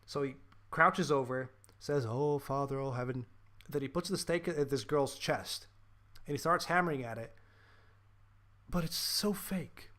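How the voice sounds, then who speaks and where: A man's voice: fairly high pitch, unhurried, bright, forceful tone. A man hosting a podcast, ranting profanely and animatedly about a film in casual chat, with lots of fillers. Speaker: podcast host.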